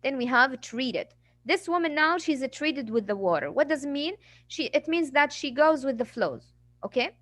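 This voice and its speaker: A woman's voice: high-pitched, expressive, normal speed, fairly bright tone, no echo. Female English teacher, patient and explanatory, dry close recording. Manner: patient explaining, acts out examples. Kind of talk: classroom vocabulary lesson.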